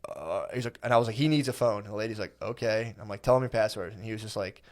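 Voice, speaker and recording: A young man telling a profane, animated comedy story on a podcast, acting out the quoted lines. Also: fairly low pitch, very fast. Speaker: podcast guest.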